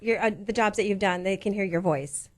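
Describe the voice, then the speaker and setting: A woman hosting a casual talk show, upbeat and quick to react to her guests. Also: medium pitch.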